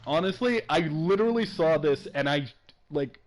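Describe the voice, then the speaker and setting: A young man hosting a casual gaming podcast, excitable, swearing freely and laughing often. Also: on the high side, normal speed. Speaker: podcast host.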